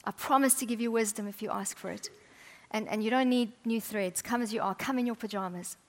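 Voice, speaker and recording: A woman's voice: fairly high pitch, fairly quick, long reverb tail, lightly acted. A woman in a sermon voicing God as a gracious, inviting king who speaks earnestly and reassuringly.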